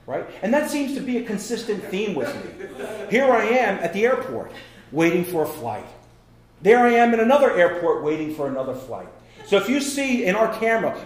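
A man preaching a sermon as pastor, chatty and jokey, checking in with "right?" as he goes. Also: high-pitched. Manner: conversational and jokey, keeps asking "right?". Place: church sanctuary. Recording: echoey church hall.

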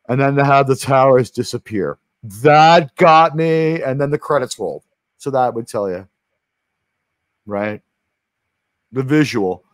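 A man's voice: mid-range voice, no room sound. A man from New York City hosting a stream, chatting casually about movies, rambling with many restarts and the odd swear word. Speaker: stream host.

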